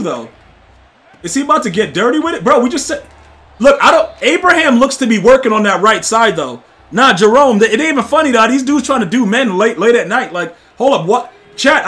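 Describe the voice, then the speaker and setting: Streamer man, high and sharp-edged, excitable trash talk to chat, prone to shouting. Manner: excitable, trash-talking, repeats "dude" and "bro"; bursts into loud shouting. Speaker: gaming streamer. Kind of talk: live gameplay commentary to chat.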